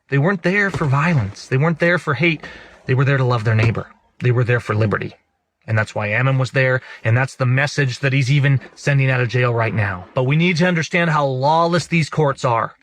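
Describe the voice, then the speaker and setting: A man's voice: mid-range voice, a bit bright, no echo. A man hosting an online show, giving emphatic, indignant political commentary to his viewers.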